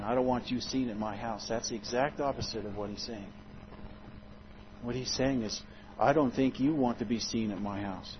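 A man preaching a sermon in an expressive, dramatic way, often swinging his loudness and pitch. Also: dull audio, slight background noise.

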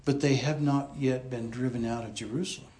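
A man's voice: medium pitch, fairly even intonation, a little fast, darkish tone. Man preaching a verse-by-verse sermon. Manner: conversational, explains and repeats points. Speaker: pastor. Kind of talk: expository sermon.

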